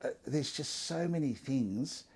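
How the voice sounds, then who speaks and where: A man's voice: medium pitch, expressive, unhurried, darkish tone, breathy edge. A middle-aged man, speaking earnestly in a casual interview about his faith, often restarting and saying "you know". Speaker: interviewee sharing his testimony.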